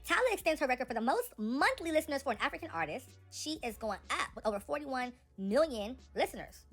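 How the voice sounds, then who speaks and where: Young woman doing celeb gossip, quick and chatty, kinda high voice, talking right at y'all. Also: soft background music. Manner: animated, talks straight to viewers as "y'all". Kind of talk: casual chatty commentary.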